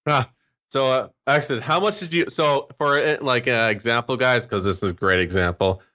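A man co-hosting a casual podcast, animated and exclaiming, swearing now and then. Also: medium pitch, moderate pace. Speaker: podcast co-host. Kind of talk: casual chat.

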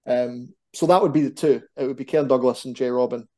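A man, a wrestler, chatting casually as a podcast guest in an animated, rambling, self-deprecating way. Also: medium pitch, fast. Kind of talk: casual chat.

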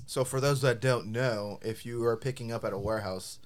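A young man, chatting casually as a podcast co-host. He tells animated stories, acts out both sides of conversations, and fills his talk with swearing and filler words. His voice sits at an average pitch for a man. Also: brisk. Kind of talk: casual chat.

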